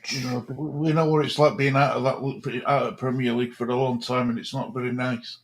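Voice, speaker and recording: A man's voice: mid-range voice, flat delivery, fairly quick. A man co-hosting a football watch-along stream, chatting in an easygoing, agreeable way. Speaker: co-host. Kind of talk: casual live-stream chat.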